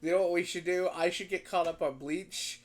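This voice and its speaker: A man in casual group chat on a voice call, talking in quick animated bursts. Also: high-pitched, crowd noise. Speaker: stream co-host.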